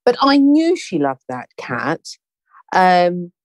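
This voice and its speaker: A woman hosting a conversation, telling a story in a chatty, animated way and acting out the dialogue. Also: fairly low pitch, takes it slowly, no echo. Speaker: podcast host. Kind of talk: casual anecdotal storytelling.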